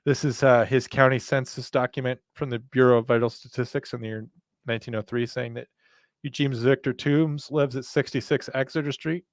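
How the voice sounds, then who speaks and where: Male podcast host, gravelly, self-deprecating rambler, dry close recording. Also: medium pitch, steady tone, brisk, dry recording. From northern United States. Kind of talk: casual chat.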